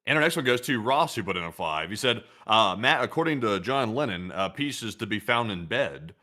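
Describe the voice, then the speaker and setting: A man's voice: on the low side, animated, a little fast, pushed and bright. A man with a Southern American accent, co-hosting a show and telling rambling stories in casual chat. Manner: rambling, storytelling with acted-out quotes. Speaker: co-host.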